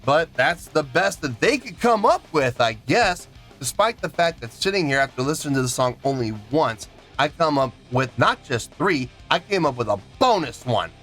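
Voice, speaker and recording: A man's voice: a little high, sing-song, moderate pace, a bit bright, soft background music. A man reviewing a song in an emphatic, indignant rant, counting out beats aloud. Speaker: music reaction reviewer.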